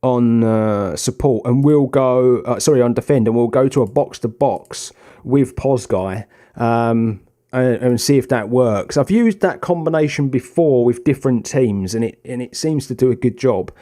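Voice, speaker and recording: A young man commentating on his own football management game, swinging from tactical muttering to excited shouts. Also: mid-range voice, moderate pace. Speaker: gaming video host. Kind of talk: casual gameplay commentary.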